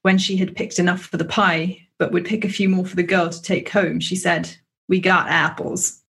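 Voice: medium pitch, flat delivery, a little fast, fairly bright tone. A person reading a literary passage aloud in a book discussion, doing American voices for the characters. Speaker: book club member.

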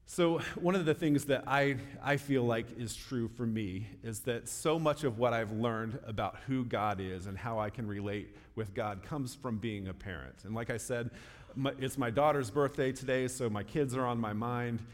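A man in his forties, a pastor reading the gospel and preaching in a relaxed, conversational way with light humor. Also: mid-range voice, normal speed. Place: church sanctuary. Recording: long church reverb.

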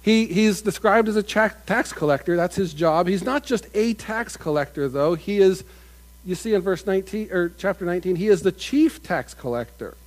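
High-voiced man preaching a sermon. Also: lively intonation, moderate pace, rough recording. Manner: conversational preaching with repetitions and restarts. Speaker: pastor.

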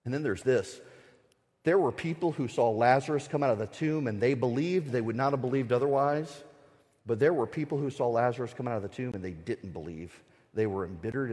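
A middle-aged man giving an earnest faith talk at a conference, building to emphatic recitation of scripture. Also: medium pitch. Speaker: conference speaker. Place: conference hall. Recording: reverberant conference hall.

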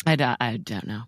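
A woman with a low voice co-hosts a podcast in casual chat. She teases her partner and pokes fun at herself with a wry, dry humor, heard close up in a dead, dry room. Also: husky, no room sound. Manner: wry, teasing, self-deprecating. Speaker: podcast co-host.

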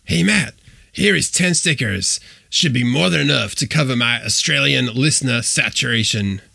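Brief: upbeat male podcast host, a man's deliberately bad impression, friendly, dry sound. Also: mid-range voice, animated, vocal fry, pushed and bright, breathy edge, no room sound, full character voice. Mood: cheery. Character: cheerful adult male podcast host reading a letter.

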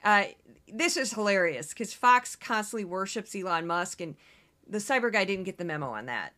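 A woman's voice: medium pitch, expressive, fairly bright tone. A woman hosting a podcast, giving wry, chatty political commentary and a news rundown. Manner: wry, chatty, quick asides. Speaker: podcast host.

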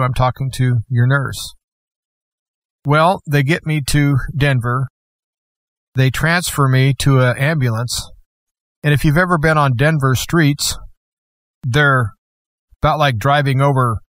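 A man's voice: medium pitch, no echo. A middle-aged man, a guest host, telling a personal testimony in a plainspoken, conversational way with folksy asides.

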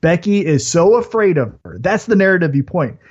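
A man hosting a podcast in casual chat, telling stories in an animated way and acting out scenes. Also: high voice, fairly quick, husky, muffled recording. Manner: animated storytelling, acts out scenes. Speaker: podcast host.

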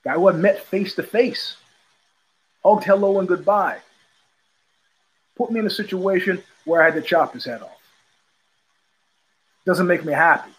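A man's voice: sits high, a little slow, long pauses, husky, poor audio. A man hosting his own show, telling stories in a blunt, profane, casual monologue and repeating phrases for emphasis. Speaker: podcast host.

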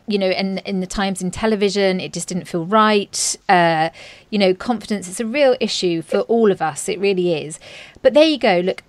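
A woman's voice: mid-range voice, dry recording. A woman hosting an interview podcast, earnest and encouraging, often saying 'you know'. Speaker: podcast host.

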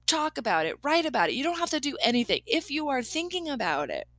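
Earnest, bright-voiced woman. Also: high voice, sing-song, fast, dry recording. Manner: earnest and emotional, laughs and gets teary. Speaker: podcast host. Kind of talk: reflective personal monologue.

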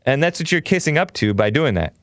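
A man's voice: fairly high pitch, very animated, quick pace, no echo, clean studio sound. A man hosting a talk show, ranting in a combative, mocking, rambling way. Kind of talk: casual talk show rant.

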